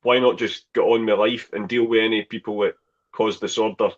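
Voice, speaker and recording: Male podcast co-host, low pitch, exasperated tone, muffled lo-fi sound. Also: fairly even intonation, fairly quick. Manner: exasperated, dismissive. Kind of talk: casual football podcast chat. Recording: dull lo-fi podcast audio.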